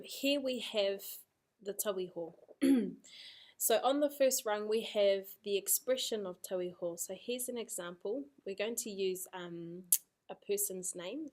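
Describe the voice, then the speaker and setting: A woman's voice: mid-range voice, measured pace, darkish tone. A woman teaching a language lesson, casual and encouraging, repeating drills aloud.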